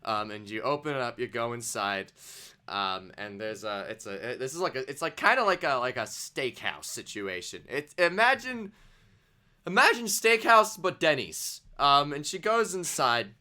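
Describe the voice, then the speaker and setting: A game master narrates a tabletop game, rambling with many ums, likes and restarts. His voice is bright and lively in pitch. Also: moderate pace.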